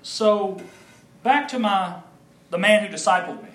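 A male pastor giving his personal testimony in an animated storytelling manner, acting out the voices of people he quotes. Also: high voice, unhurried. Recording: echoey room.

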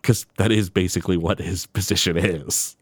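A man's voice: low-pitched, normal speed, no echo, studio quality. A man co-hosting a casual podcast, recapping a cartoon episode with lots of fillers and acted-out quotes. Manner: animated, many fillers, acts out quotes in raised voices. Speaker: podcast co-host.

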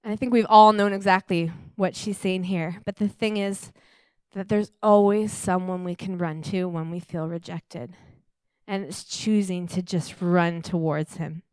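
A young woman preaches with earnest, heartfelt warmth, talking through a story as if to friends. Her voice is smooth and clear. The sound is close and dry, with no room echo. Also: fairly low pitch, steady tone, unhurried. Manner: earnest, heartfelt, conversational with many fillers. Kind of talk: sermon with storytelling.

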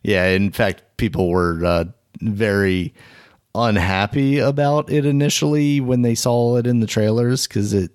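A man's voice: fairly low pitch, measured pace, a little mellow, clear, resonant tone. A man co-hosting a casual chat show, easygoing and explaining at length in long run-on sentences. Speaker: podcast co-host.

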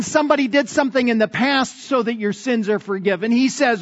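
A man's voice: very high-pitched, moderate pace, hardly any pauses, fairly bright tone, long reverb tail, muffled recording. A man preaching a sermon in an earnest, emphatic manner, driving points home with repetition. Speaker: pastor.

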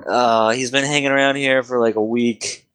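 A man's voice: mid-range voice, steady tone, moderate pace, a bit bright, clean tone. A man running a tabletop game as game master, laid-back and casual.

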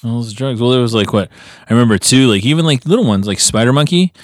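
A man's voice: medium pitch, quick pace, no echo, clean studio sound. A young adult man co-hosting a podcast, rambling through stories with constant fillers. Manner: rambling, filler "like" in nearly every line, laughs often. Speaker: podcast co-host. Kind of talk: casual podcast chat. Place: podcast studio.

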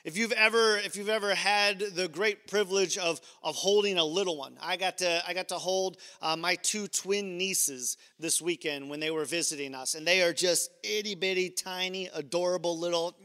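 Bright-voiced man preaching, playful. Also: high-pitched, steady tone, normal speed, few pauses, smooth, in a large hall. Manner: conversational, playful asides to the congregation. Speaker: pastor. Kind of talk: sermon.

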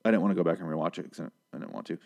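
A man with a fairly low voice chats casually and profanely while recapping a show. He rambles, restarts his sentences and drops curses everywhere. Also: steady tone, rapid-fire, vocal fry, darkish tone, dull audio. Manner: rambling, swears a lot, interrupts himself. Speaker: podcast host recapping a TV episode.

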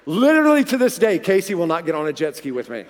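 A man in his forties with a high voice preaches a sermon in a church hall, and his words ring on in the long reverb of the large room. He is an animated storyteller who acts out the dialogue as he goes. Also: fast talker. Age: 40s. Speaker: pastor.

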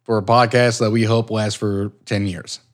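A man co-hosting a casual podcast, jokey and quick to slip into goofy voices. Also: fairly low pitch, level tone. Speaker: podcast co-host.

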